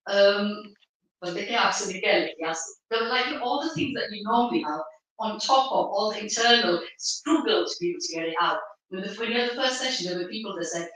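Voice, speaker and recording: Woman speaking haltingly in an echoey hall. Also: medium pitch, expressive, fairly bright tone. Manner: halting, with many fillers and restarts. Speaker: event organizer and host. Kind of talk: live speech to an audience. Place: event venue before a live audience. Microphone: stand microphone. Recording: very echoey hall, mic far off.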